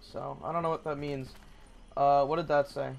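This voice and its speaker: Young guy doing casual game commentary, pretty high voice, swears a lot and yelps when he gets scared. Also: moderate pace, creaky, dull audio. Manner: excitable, swears often, yelps when startled. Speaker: gaming channel host.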